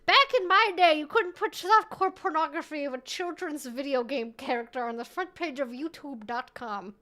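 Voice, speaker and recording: Brief: woman voicing a cranky old lady with a pompous newscaster delivery, high-pitched and drawn out. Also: moderate pace, sharp tone. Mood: indignant.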